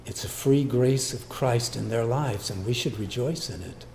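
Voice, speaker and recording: A man preaches, shifting between loud, emphatic moments and low, quiet asides while acting out boastful characters in brief quotes. A faint hiss or hum runs under the recording.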